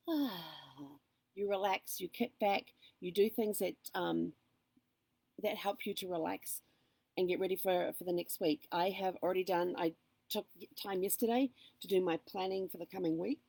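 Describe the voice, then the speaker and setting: A woman's voice: medium pitch, steady tone, moderate pace, creaky, a little mellow, no room sound. A woman chatting casually and upbeat on a live stream, with frequent ums and asides, talking into a phone. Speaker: vlogger.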